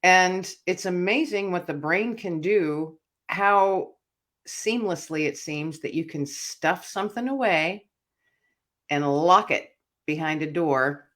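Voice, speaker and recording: An author and speaker, appearing as an interview guest, tells her personal story in an earnest, reflective way, often dropping quiet. She speaks slowly in a fairly low voice.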